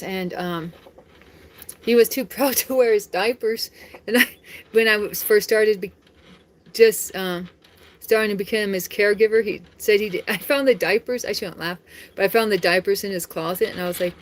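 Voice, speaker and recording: A woman chatting casually on a live stream from home, talking straight to viewers and laughing often. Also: medium pitch.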